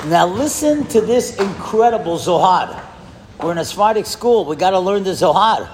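A man giving a storytelling speech in a school hall, lively and asking the audience questions. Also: high voice, moderate pace, a faint crowd, slight background noise. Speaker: speaker addressing a school audience. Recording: echoey hall with long reverb.

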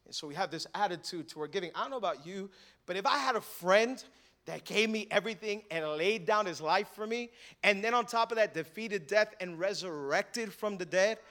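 A man, a pastor, preaching a sermon in a joking, animated storytelling way and acting out quoted voices. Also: high-pitched.

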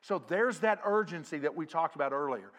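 Middle-aged male pastor, earnest sermon delivery, slightly high voice. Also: expressive, brisk. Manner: earnest preaching, swells louder on scripture quotes. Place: church sanctuary.

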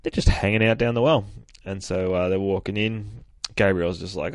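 A man with a lowish voice talks loosely through a comic, cursing a lot and jumping into the characters' lines. The sound is dry and close, with no room around it. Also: steady tone, moderate pace, dry recording. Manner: swears often, acts out characters' lines. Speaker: podcast host reviewing a comic. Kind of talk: casual chat. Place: home, rain heard outside.

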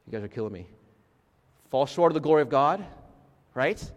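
A man's voice: mid-range voice, brisk. A man preaching a sermon in a conversational way, checking in with his congregation and restarting his sentences as he goes. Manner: conversational, frequent restarts and "right?" asides to the congregation. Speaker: pastor. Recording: long reverb of a large hall.

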